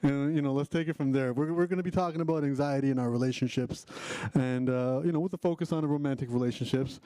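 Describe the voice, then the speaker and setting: Male host of a live online talk. Very dark, mellow tone, dry close sound, upbeat and chatty. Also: medium pitch, steady tone, fast, dry recording. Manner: upbeat, chatty, with frequent restarts. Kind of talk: casual live hosting.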